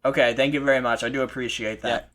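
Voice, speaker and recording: A man hosting a live esports broadcast, commentating with excitable energy and frequent restarts. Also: mid-range voice. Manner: excitable, fast restarts and repeated phrases. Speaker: esports play-by-play host.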